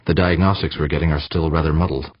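Male narrator as an unflappable chief technician: clipped, businesslike, very deep, dry lo-fi sound. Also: steady tone, fast talker, husky, dry recording. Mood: cool. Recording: dry, slightly dull lo-fi sound.

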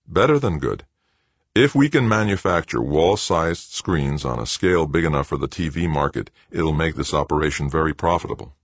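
A plainspoken company CEO with a dry, self-mocking streak, read by a man in a very deep voice close to his own. The audiobook delivery is steady and unforced, and the sound is dry and close. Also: normal speed, no room sound, heavily acted. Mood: wry. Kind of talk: audiobook character voice.

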